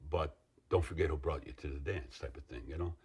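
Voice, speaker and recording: A middle-aged man with a very deep voice tells his side of a story to an interviewer. His tone is husky and a little rough, and he wanders through asides and restarts in an earnest, rambling way. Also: fairly quick, darkish tone. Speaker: interviewee, former union member. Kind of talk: interview recollection.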